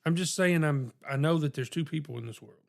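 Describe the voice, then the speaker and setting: A podcast co-host chatting casually about music, teasing with dry, stubborn, low-key replies. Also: a little fast, gravelly. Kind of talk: casual chat.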